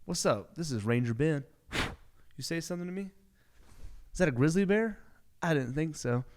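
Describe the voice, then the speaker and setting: A man's voice: medium pitch, natural voice. A man playing a cocky, swaggering park ranger in a joking bravado voice. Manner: boastful, playful bravado. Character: swaggering tough-guy male park ranger.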